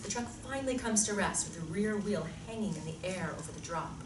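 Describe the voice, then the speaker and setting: A woman reading screenplay narration with a steady, descriptive delivery. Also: medium pitch, brisk. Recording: echoey room from far off, noisy.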